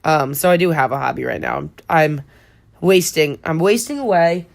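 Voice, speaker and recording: A woman's voice: sits low, expressive, moderate pace, creaky. A young woman co-hosting in casual chat, rambling and laughing often.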